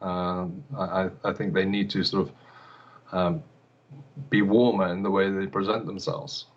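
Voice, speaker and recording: A man's voice: sits low, level tone, a little slow, highs cut off. A man, an elocution teacher, answering interview questions hesitantly, with many fillers and repeated words.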